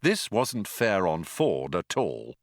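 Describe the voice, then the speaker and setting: A man's voice: low-pitched, wildly swooping pitch, slow pace, no echo. A man narrating an audiobook in a dry, wry storytelling manner. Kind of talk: scripted narration.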